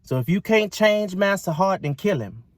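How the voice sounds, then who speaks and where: A man's voice: high voice, expressive, moderate pace, no room sound, studio quality. A man voicing a determined enslaved woman who prays earnestly and refuses to turn back. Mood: pleading.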